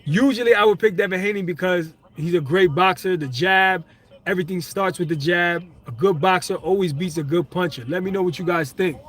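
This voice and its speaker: Excitable New man streaming live. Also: high-pitched, fairly quick. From Brooklyn, New York. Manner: excitable, laughs often, slangy, talks to chat. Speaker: livestream host. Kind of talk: casual live stream chat, reading comments.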